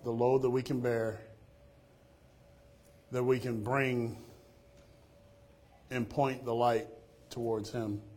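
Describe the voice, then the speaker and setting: A man preaching a sermon, telling stories and acting out the people he quotes, then leading a rising, loud prayer. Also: medium pitch. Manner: lively storytelling, quoting others in changing voices.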